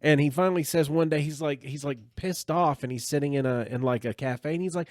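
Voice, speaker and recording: A man hosting a podcast, retelling a story in casual chat with an animated, rambling manner. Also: fairly high pitch, a little fast, hardly any pauses, no room sound. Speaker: podcast host.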